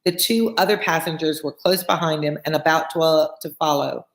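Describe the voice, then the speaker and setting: Woman read-along tutor, lowish voice, casual asides, echoey room. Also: a little fast. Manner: chatty asides, explains old words plainly. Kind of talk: reading a novel aloud with explanations. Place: home room with a fan on.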